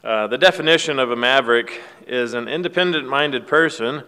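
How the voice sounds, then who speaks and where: Speaking fairly quickly, this man has a medium-pitched voice that sounds pushed, bright and smooth. He gives a casual devotional talk, rambling folksily through a film scene with fillers and restarts, all in long hall reverb.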